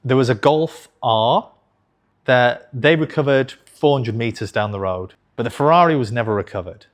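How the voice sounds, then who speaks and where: A man's voice: medium pitch, normal speed. A man in his thirties telling a personal story to camera in a frank, conversational way, swearing casually and correcting himself as he goes. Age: 30s. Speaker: investing channel host.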